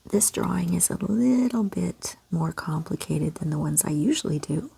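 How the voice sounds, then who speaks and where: Soft-spoken woman with a low, gravelly voice. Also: expressive, moderate pace. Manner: soft-spoken, gentle and encouraging. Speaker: children's art teacher. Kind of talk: step-by-step drawing lesson for kids.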